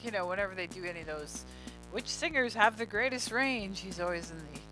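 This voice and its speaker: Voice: mid-range voice, expressive, a little fast, music in the background, poor audio. A co-host in casual chat, dropping dry, amused interjections.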